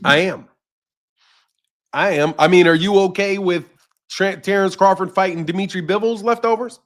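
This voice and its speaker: A man's voice: high voice, moderate pace. Chatty man hosting a boxing livestream. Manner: conversational, repeats himself, addresses chat by name. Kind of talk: casual livestream commentary reading chat.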